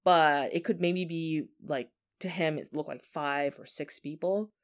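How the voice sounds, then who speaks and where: A woman tells a ghost story in a relaxed, conversational way. She often says 'like' as she talks. Her voice sits a little low. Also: a little slow. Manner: chatty, filler 'like' often. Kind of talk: casual spoken ghost story.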